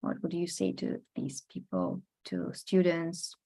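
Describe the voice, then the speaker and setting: A woman interviewing a guest, pausing and filling gaps while she looks for her words. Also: fairly low pitch, very animated, gravelly, mellow, poor audio. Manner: hesitant, searches for words with fillers. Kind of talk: interview questions.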